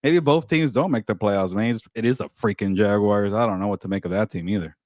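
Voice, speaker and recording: A man's voice: lowish voice, fairly quick, darkish tone, no room sound, clean studio sound. A man co-hosting a casual sports podcast, blunt and grumbling, ranting with mock outrage. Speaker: podcast co-host.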